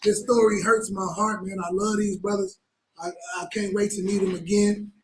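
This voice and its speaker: A man's voice: sits high, level tone, normal speed, roomy sound, slight background noise, rough recording. A man preaching a fervent, blunt sermon with lots of repetition.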